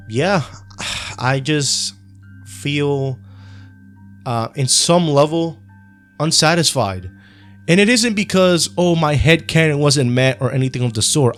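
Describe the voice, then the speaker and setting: A young man with a Spanish accent giving a casual, rambling opinion monologue, slangy and full of ums and self-corrections. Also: mid-range voice. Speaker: anime commentary youtuber.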